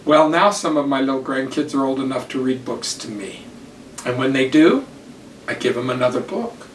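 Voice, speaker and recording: An older man and church teacher giving a devotional talk, telling personal stories slowly and deliberately. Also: mid-range voice, lively intonation, a little hiss or hum. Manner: slow, deliberate storytelling. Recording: roomy, distant mic, faint ambience.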